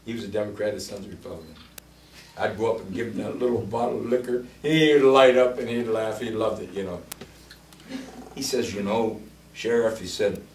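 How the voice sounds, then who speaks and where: Loud blunt guy telling war stories, mic kinda far off in an echoey room, faint background hum. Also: lowish voice, brisk. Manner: colorful, blunt, acts out quotes with big swings in loudness. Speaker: former congressman telling stories. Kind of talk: animated storytelling speech.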